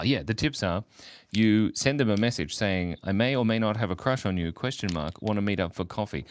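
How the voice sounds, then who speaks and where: A man, chatting goofily while drawing on a livestream and reading out chat messages. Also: lowish voice. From Australia. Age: 40s. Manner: goofy, rambling, reads chat aloud, laughs often. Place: home, early morning.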